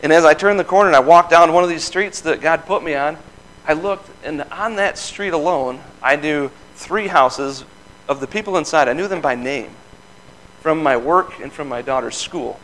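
A man's voice: a little high, normal speed, fairly bright tone, rough recording. Earnest man telling a folksy testimony. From Michigan. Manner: folksy, earnest storytelling with laughs. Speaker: lay speaker giving testimony. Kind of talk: informal sermon testimony.

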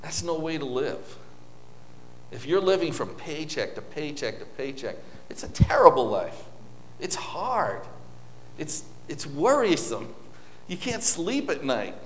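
A man's voice: a little high, big pitch swings, a little slow, a little hiss or hum. A man preaching an informal sermon, telling stories with many restarts and asides to a congregation. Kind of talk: conversational sermon. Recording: echoey hall with long reverb.

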